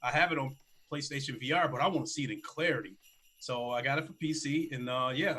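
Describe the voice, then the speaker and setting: A man co-hosting a casual gaming livestream, talking excitedly and rambling about purchases. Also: mid-range voice, breathy edge. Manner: excitable, rambling, quickens when enthused. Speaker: co-host.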